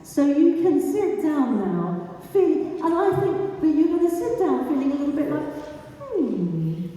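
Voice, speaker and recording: A woman giving a live talk, chatty and lively, asking the audience questions as she goes. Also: high voice, moderate pace. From England. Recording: echoey hall, mic far off.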